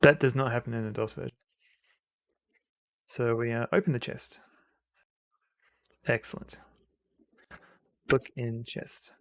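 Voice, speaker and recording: A man's voice: mid-range voice, moderate pace, vocal fry, long pauses, no echo, studio quality. A man streaming a retro game, chatting casually, rambling and restarting sentences, and reading game text aloud. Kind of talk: casual gameplay commentary.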